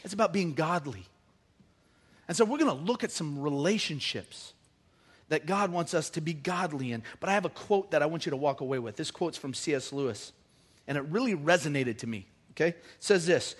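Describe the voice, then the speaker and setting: A middle-aged man preaching a sermon, animated and joking with the congregation. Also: a little high, brisk, breathy edge. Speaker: pastor.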